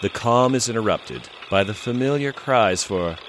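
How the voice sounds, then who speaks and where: A man's voice: lowish voice, animated, normal speed, heavy background noise. A man co-hosting a podcast who narrates an episode recap with dramatic storytelling. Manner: dramatic, storytelling, acts out dialogue. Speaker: podcast co-host.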